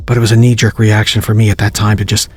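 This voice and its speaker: A man's voice: lowish voice, little pitch movement, quick pace, slightly rough, soft background music. Man narrating a tense horror story. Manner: tense, hushed, building urgency. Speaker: narrator and author.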